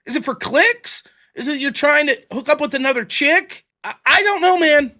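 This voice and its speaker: A man hosting a reaction commentary show, sounding exasperated and incredulous and swearing freely. His pitch leaps around wildly as he talks. His tone is bright and sharp. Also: expressive, moderate pace.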